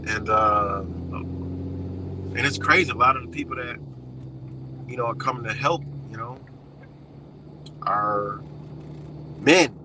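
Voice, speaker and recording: A man's voice: on the low side, measured pace, long pauses, background noise. A man with a Western New York accent ranting casually to camera, blunt and profane, rambling with lots of fillers.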